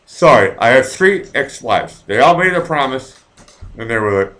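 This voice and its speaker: A man hosts a live stream, rambling and swearing freely as he reads out viewer comments. His talk wanders, and it swings between low mumbles and loud, fired-up bursts. His voice sits at an ordinary middle pitch. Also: lively intonation, fairly quick. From Massachusetts, near Boston. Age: 40s.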